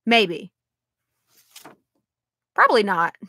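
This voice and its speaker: Exasperated young woman vlogging, bright voice. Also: medium pitch, wildly swooping pitch, very slow, no echo. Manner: rambling, exasperated, sighing. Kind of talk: casual vlog monologue.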